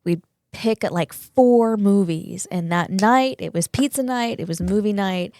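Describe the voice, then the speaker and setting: A woman's voice: medium pitch, unhurried, dark tone, dry recording, clean studio sound. A woman in her forties from Southern California chatting casually on a podcast, rambling with many fillers and some swearing.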